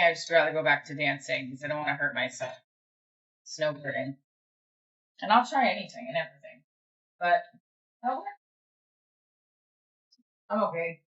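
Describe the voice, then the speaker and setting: Brief: chatty New Jersey woman hosting a home livestream, lowish voice, muffled phone sound. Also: a bit bright. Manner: chatty, rambling, many fillers and restarts. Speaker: livestream host. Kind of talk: casual livestream chat. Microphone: phone camera.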